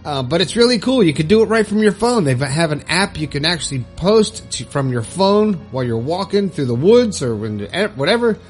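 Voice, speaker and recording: A man's voice: on the high side, very animated, fairly quick, few pauses, faint music behind. A man hosting his own podcast, talking in a chatty, upbeat, folksy way. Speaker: podcast host. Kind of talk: casual solo podcast talk.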